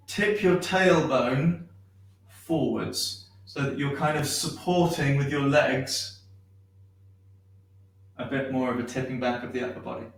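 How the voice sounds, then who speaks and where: A man teaching a shiatsu class, guiding breathing and stretches in a gentle, unhurried way with many pauses and ums. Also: fairly high pitch, gravelly. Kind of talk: guided movement class. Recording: echoey room, far from mic.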